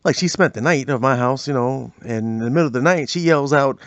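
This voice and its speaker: A man hosting a podcast, telling comic stories in an animated, slangy way. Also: mid-range voice, a little fast, dry recording, dull audio. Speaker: podcast host. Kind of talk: comedic storytelling.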